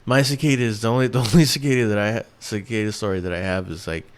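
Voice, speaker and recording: A man's voice: fairly low pitch, steady tone, fast talker, smooth. A man in his thirties, from New York, hosting a casual solo podcast, rambling with lots of restarts and fillers and swearing freely. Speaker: podcast host.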